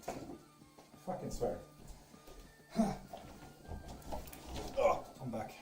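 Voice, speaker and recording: Speaking very slowly with big swings in pitch around a mid-range voice, a Swedish man reads tarot live from home. He banters teasingly with viewers and curses freely, and the audio echoes roomily over background music.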